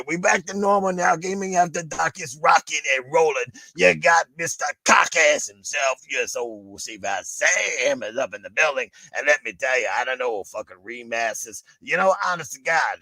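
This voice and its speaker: A man co-hosting a gaming podcast, brash and profane, ranting crude jokes in loud bursts. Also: medium pitch, no echo, poor audio. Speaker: podcast co-host. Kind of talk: crude comedic rant.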